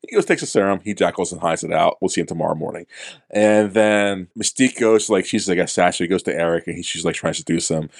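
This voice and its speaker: A man co-hosting a casual movie review podcast, blunt and profane, acting out characters in quick asides. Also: low voice, gravelly, no room sound, studio quality. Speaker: podcast co-host.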